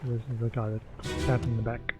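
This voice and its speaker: A man streams a game, thinking aloud as he puzzles over clues in a flat, mid-range voice at a slightly fast pace. The sound is muffled and lo-fi, with faint game music behind him.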